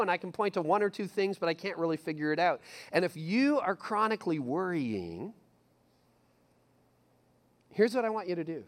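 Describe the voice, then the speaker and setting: Lively middle-aged male pastor preaching. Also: sits high, a little fast. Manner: animated, acts out listeners' inner voices, repeats phrases. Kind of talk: sermon.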